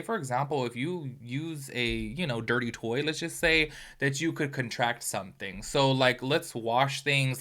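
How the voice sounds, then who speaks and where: A man's voice: mid-range voice, pushed and bright. A man hosting a gossip commentary video, talking animatedly with exclamations and apologetic asides to his viewers. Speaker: commentary YouTuber host.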